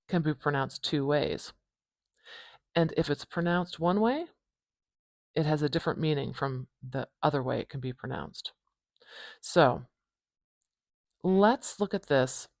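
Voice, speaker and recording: A Canadian woman with an Atlantic Canadian accent, hosting a casual phonetics tutorial and repeating sounds slowly for the viewer. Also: low-pitched, no echo, studio quality. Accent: Atlantic Canadian English. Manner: chatty, demonstrates sounds slowly and repeats them. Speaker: phonetics teacher, channel host. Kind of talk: casual tutorial, writing while talking.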